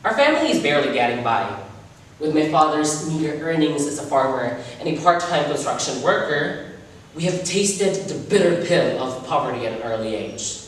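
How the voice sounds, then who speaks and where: A man's voice: a little high, big pitch swings, normal speed, slight background noise. A young man with a Filipino accent performing a dramatic monologue in a theatrical, emotive way. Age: young adult. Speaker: student contestant. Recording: echoey room, distant mic, faint ambience.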